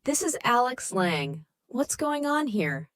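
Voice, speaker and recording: A woman's voice: fairly high pitch, big pitch swings, slow pace, a bit bright, no echo, clean studio sound, pitched above the performer's own voice, exaggerated voice. A woman voicing a matter-of-fact husband puzzled by a strange call. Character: calm, then puzzled older husband.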